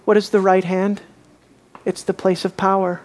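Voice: medium pitch, little pitch movement, moderate pace, a little mellow. A preacher giving an expository sermon in a conversational way, asking the audience many rhetorical questions and repeating phrases for emphasis.

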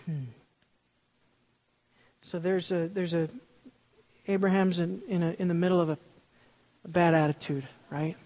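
A preacher delivers an animated sermon, repeating words for emphasis. The voice sits at a middling pitch. A long reverb from a large hall hangs on every phrase. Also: unhurried, pauses often.

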